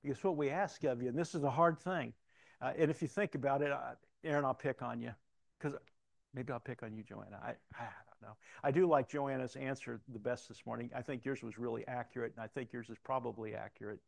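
A middle-aged man preaching a conversational sermon as pastor, swinging between loud storytelling and hushed asides, with frequent restarts. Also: medium pitch, a little fast, creaky, dry recording.

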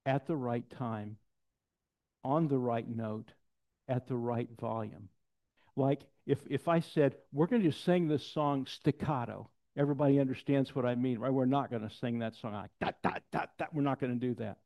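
A pastor preaching a sermon, telling stories with lively quoted voices and dropping to soft, intense passages. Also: male voice, medium pitch, moderate pace. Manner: storytelling, animated quotes, drops to soft intensity. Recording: dull lo-fi sound.

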